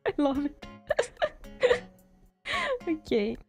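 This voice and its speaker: A woman's voice: sits high, wildly swooping pitch, extremely slow, darkish tone, faint music behind. A woman streaming live while drawing, chatting casually and playfully, giggling and repeating phrases to herself.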